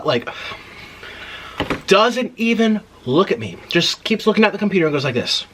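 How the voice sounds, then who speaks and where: A man hosting an eating video, retelling an annoying drive-thru visit in an indignant, animated way between bites. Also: a little high, normal speed, slight background noise. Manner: animated, indignant retelling with mouth-full murmurs. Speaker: mukbang host. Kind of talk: storytelling while eating on camera.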